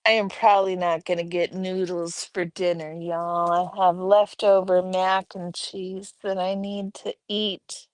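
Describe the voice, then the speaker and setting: A woman hosting a casual livestream at home, chatting and reading out viewers' messages in a relaxed way. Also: lowish voice, unhurried, hardly any pauses, no echo. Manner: relaxed, reads chat aloud, chatty asides. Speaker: livestream host. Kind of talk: casual chat with live chat.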